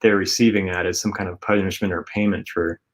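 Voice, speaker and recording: Guy with a lowish voice rambling earnestly about faith, lots of ums and likes. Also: flat delivery, a little fast. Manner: earnest, rambling, filler-heavy. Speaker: co-host. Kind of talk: casual faith talk.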